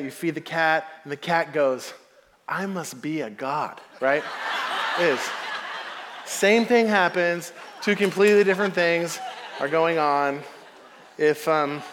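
A man preaching a sermon with a fairly high voice and an easygoing, storytelling delivery that often breaks into laughter. His voice rings out with a long hall reverb, as if he is speaking in a large hall. He talks to the congregation like a friend sharing stories. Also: background noise. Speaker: pastor.

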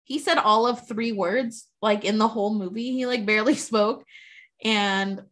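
A woman at a medium pitch gushes about a film in casual podcast chat. She swears for emphasis and talks with plain enthusiasm. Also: steady tone, normal speed, fairly bright tone. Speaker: podcast co-host.

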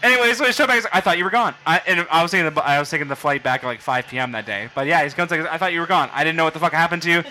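A man's voice: a little high, very fast, few pauses, sharp tone. A young man from Canada telling a long story casually, swearing a lot and acting out quotes. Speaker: podcast guest.

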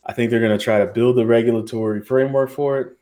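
A man's voice: mid-range voice, steady tone, quick pace, dark tone. An American man co-hosting a podcast roundtable, talking in a loose, joking, profane, rambling way. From United States. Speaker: podcast co-host. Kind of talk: casual roundtable chat.

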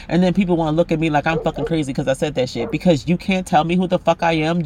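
A man's voice: a little high, fairly even intonation, fast, few pauses, darkish tone. A man hosting a solo podcast monologue, talking bluntly and passionately, with plenty of swearing and direct address to the listener. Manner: blunt, profane, passionate ranting; emphatic, talks straight at the listener. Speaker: podcast host.

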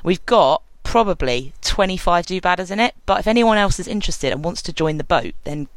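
A woman's voice: on the low side, lively intonation, a little fast, dry recording, poor audio. A woman hosting a podcast, chatting in a loose, joking, rambling way with lots of fillers. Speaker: podcast host. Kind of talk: casual podcast interview.

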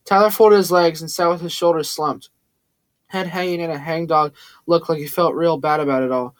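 A man narrating a first-person audiobook in a plain, steady storytelling manner. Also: a little high, normal speed, no echo.

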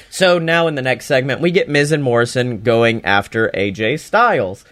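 A man casually recapping a wrestling show, profane and sarcastic, often slipping into mocking voices. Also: medium pitch.

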